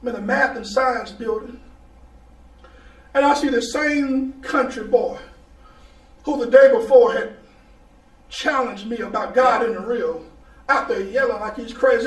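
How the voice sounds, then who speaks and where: A middle-aged man preaching a sermon as pastor, telling a story and rising into shouted call-and-response preaching. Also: extremely high pitch, moderate pace, pauses often. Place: church sanctuary. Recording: echoey church, mic at a distance. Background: congregation answering aloud.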